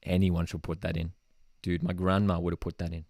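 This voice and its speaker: A young Australian man hosting a live football watchalong, excitable and prone to saying "dude", swinging between shouting and muttering. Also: sits low, a little fast, no echo, studio quality. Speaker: football channel host. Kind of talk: live match watchalong commentary.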